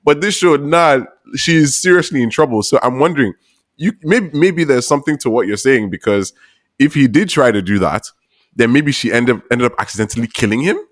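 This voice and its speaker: A man co-hosting a podcast, chatting casually about a TV show, laughing often and getting excited. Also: mid-range voice, brisk, dry recording, clean studio sound. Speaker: podcast co-host.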